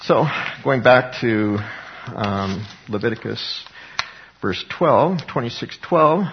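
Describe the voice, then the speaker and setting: A man's voice: medium pitch, lively intonation, slow pace. A man giving an informal sermon as a Bible teacher, talking conversationally, chuckling often and acting out scripture quotes dramatically. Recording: dull lo-fi recording.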